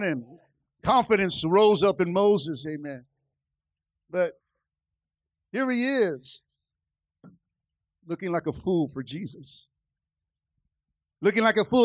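A man preaching to his church in a very high voice. He retells scripture stories with dramatic acted-out lines and keeps calling for responses from the congregation. The sound is close and dry. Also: lively intonation, slow, long pauses, no room sound. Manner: dramatic storytelling, acting out biblical characters; call-and-response exhortation. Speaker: pastor. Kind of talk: sermon.

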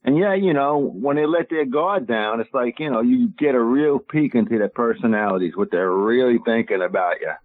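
A man's voice: medium pitch, moderate pace, few pauses. A man calling in to a radio talk show, emphatic and indignant, rambling as he talks over the phone. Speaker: caller. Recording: dry tinny phone line.

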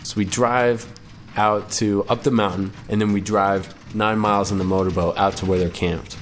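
A man's voice: fairly low pitch, steady tone, normal speed, a little hiss or hum. A man in his late twenties casually telling a personal story in a laid-back, rambling way, correcting himself as he goes. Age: 20s. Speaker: storyteller guest.

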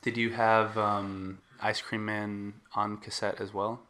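A man hosting a casual podcast chat, relaxed, laughing along and swapping stories with his guest. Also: lowish voice, slow pace. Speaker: podcast host. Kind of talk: casual conversation.

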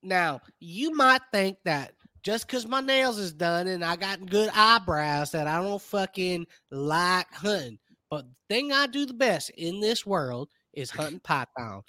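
A swaggering female python huntress from Florida in her forties, as a man puts her on for a comedy podcast bit. She talks with blunt, boastful confidence in a bright, edgy voice. The sound is dry and close. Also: fairly low pitch, lively intonation, a little slow, dry recording. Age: 40s.

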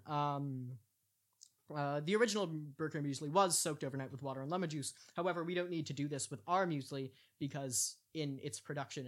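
A man's voice: fairly high pitch, a bit bright. A man hosting a casual podcast, joking around and tripping over foreign words. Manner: jokey, quick asides, stumbles over foreign words. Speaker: podcast host.

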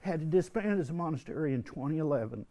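An older man telling a personal story to a religious retreat group, earnest and halting, often restarting his sentences. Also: on the high side, expressive, mellow, no room sound. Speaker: retreat speaker. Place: indoor retreat hall.

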